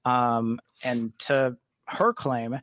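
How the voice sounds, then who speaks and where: A man's voice: mid-range voice, steady tone, very slow, a bit bright, no room sound. Rambling man telling a ghost story. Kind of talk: casual chat.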